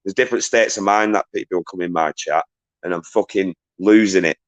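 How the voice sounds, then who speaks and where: A man with a low, deep voice hosts a livestream, reading chat messages aloud and giving shout-outs. He rants in an agitated way and swears freely between greetings to viewers. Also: fairly quick.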